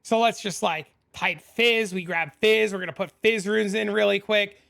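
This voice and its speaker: Excitable hoarse man walking through a game tool. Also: high-pitched, normal speed. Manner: excitable, rambling, talks through clicks step by step. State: hoarse, losing his voice. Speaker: gaming channel host. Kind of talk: screen-recorded game tutorial.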